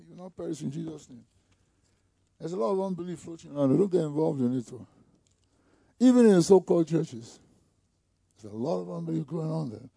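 Gravelly-voiced preaching man. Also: on the high side, animated, moderate pace, dry recording, studio quality. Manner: call-and-response preaching with rising shouts. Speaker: pastor. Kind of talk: sermon.

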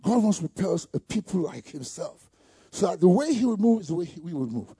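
A man preaching a sermon, calling out to the congregation and building to shouted peaks. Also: high voice, big pitch swings, fairly quick, husky, dry recording. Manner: call-and-response preaching with rising shouts. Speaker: pastor.

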